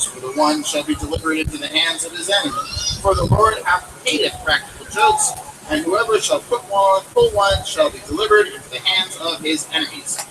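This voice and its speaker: A man voicing a vexed, sceptical biblical wife who speaks sharply, recorded on a distant mic over loud noise. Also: a little high.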